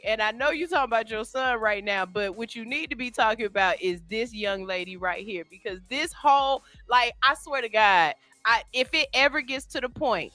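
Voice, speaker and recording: Bright-voiced woman hosting morning radio. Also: a little high, no echo. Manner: laughing easily, then lecturing emphatically. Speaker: radio show host. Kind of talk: casual morning radio banter. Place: radio studio. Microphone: studio microphone.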